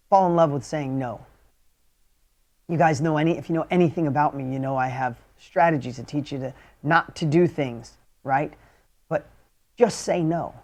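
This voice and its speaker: A man giving a motivational talk to an audience. He speaks bluntly and with energy, swinging between loud, emphatic lines and hushed ones. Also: fairly high pitch.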